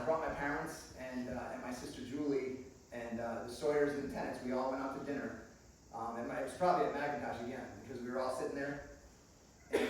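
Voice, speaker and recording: Recorded from afar in an echoey church hall with slight background noise, a medium-pitched male pastor tells funny stories during his sermon. He's a lively, humorous storyteller who addresses the congregation as friends.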